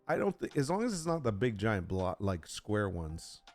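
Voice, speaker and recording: A man's voice: fairly low pitch, big pitch swings, moderate pace, a little mellow, soft background music. A man chatting casually on a live stream, talking through his work and reading text aloud with joking asides. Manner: chatty, reads aloud, jokes with chat.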